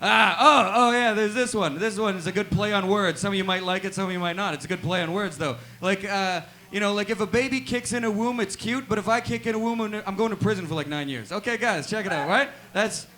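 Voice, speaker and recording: A man's voice: sits high, brisk, hardly any pauses, pushed and bright. A man doing a rambling, awkward stand-up comedy set at a live music venue, padding his jokes with "check it out" and "right?". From Canada.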